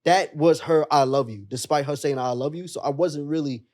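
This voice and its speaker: A man's voice: fairly high pitch, moderate pace, a little mellow. A young adult man, a podcast guest, telling a personal story in an emotional, earnest way and calling his friends bro. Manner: emotional and earnest, calls the listener bro often.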